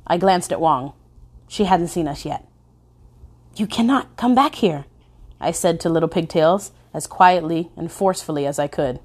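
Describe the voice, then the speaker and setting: A woman reading her memoir aloud with expressive storytelling, stressing key words. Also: deep voice, moderate pace. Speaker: narrator. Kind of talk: memoir narration.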